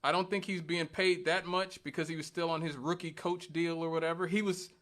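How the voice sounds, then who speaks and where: A man's voice: fairly high pitch, flat delivery, brisk, a bit bright. A male radio talk show host giving an emphatic, argumentative monologue, repeating points for stress. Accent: Northwest Indiana.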